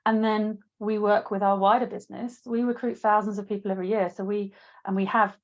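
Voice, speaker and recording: A woman speaking as a panel guest, talking in a steady, measured corporate way. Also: mid-range voice, dull audio. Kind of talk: panel interview.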